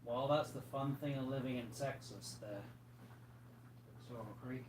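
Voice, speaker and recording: A man's voice: mid-range voice, unhurried. Tired man hosting a chatty livestream, mid-range voice, recorded in a roomy space with light background noise. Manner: relaxed, chatty, reads out viewer comments. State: tired, yawning. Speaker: livestream host. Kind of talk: casual chat with viewers. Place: home room with fish tanks. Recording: echoey room, faint background noise.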